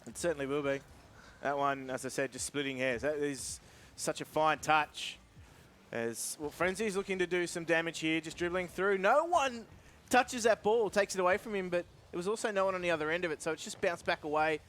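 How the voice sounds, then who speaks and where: A man calling live esports play-by-play in a lively, upbeat way. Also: fairly high pitch, a little fast. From Australia. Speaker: esports commentator.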